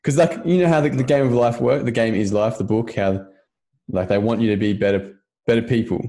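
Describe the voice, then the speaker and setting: A man's voice: mid-range voice, brisk, mellow. A man in a casual podcast chat, earnest and loose, often checking in with the listener. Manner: earnest, loose, keeps asking "you know what I mean".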